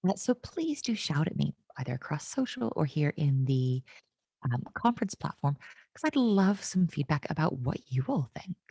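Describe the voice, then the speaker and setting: A woman's voice: low voice, sing-song, moderate pace, gravelly, mellow, slightly rough, dry recording. A woman from the United States giving a conference keynote, full of wry, self-mocking humor.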